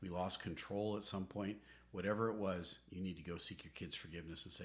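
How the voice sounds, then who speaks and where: A deep, steady male voice moves briskly with hardly any pauses and a sharp edge. The middle-aged speaker co-hosts a podcast and gives earnest, emphatic, preacherly counsel on marriage in a conversational teaching style.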